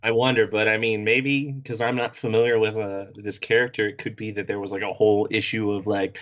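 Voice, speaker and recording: A man's voice: lowish voice, level tone, fairly quick, fairly bright tone, dull audio. A man co-hosting a podcast, chatting casually about a comic, laughing often and swearing freely. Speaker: podcast co-host. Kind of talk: casual comic book discussion.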